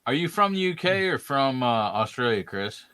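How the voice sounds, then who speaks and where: Bright-voiced man who teases and laughs. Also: medium pitch, big pitch swings, moderate pace, clear, resonant tone, dry recording. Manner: teasing and laughing often. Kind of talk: casual chat on a live stream.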